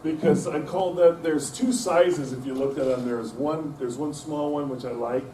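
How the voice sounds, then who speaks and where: A man's voice: on the high side, steady tone, moderate pace, mellow, distant mic, a little hiss or hum. Middle-aged man rambling stories, echoey room. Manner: rambling, folksy, self-deprecating humor. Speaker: guest speaker. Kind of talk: anecdotal storytelling talk. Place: club meeting room.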